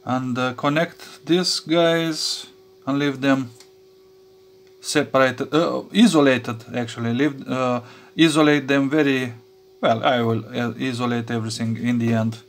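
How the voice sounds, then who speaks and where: An electronics hobby vlogger, a man with a mid-range voice and fairly even intonation, talks casually through a soldering job at his workbench. His speech is halting, full of fillers and restarts, and he chuckles to himself.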